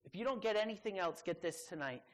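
A woman preaching a sermon to a live audience. She speaks emphatically and conversationally, with teasing asides and sudden jumps into high voices for quotes. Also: expressive, fast.

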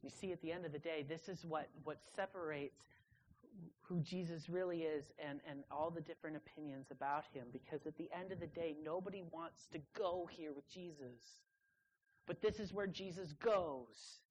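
Woman, young adult, sermon, emphatic stresses, dramatic pauses. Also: low-pitched, fairly even intonation, a little mellow, slight background noise, poor audio. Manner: emphatic, drawn-out pauses on key words. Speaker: preacher at a student gathering.

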